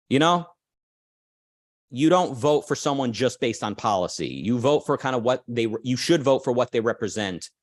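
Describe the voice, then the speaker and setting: A man hosting his own commentary show speaks in a mid-range voice with an opinionated, animated delivery. He restarts sentences and keeps checking in with "right?" The sound is dry and close, with no room echo. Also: medium pitch. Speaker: podcast host. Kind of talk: casual political commentary.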